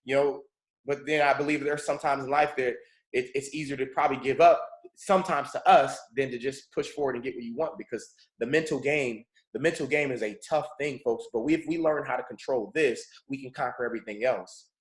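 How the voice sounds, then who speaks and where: A man's voice: medium pitch, fairly quick. Earnest man telling a story in an echoey room. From Pomona, California. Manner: earnest, often addresses listeners as folks and checks in with okay. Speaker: mentor leading a morning call. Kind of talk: motivational personal storytelling. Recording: roomy echo.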